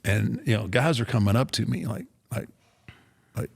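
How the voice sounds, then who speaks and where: A man's voice: lowish voice, moderate pace, gravelly, slightly rough. An older man, a former wrestler, casually retelling a story on a podcast, acting out the quotes with many restarts. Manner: animated retelling, acts out quotes, frequent restarts.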